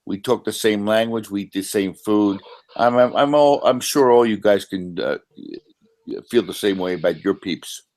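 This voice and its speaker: A man's voice: fairly low pitch, normal speed, a little mellow. A man with a New Jersey accent in a casual group voice chat, brash and teasing.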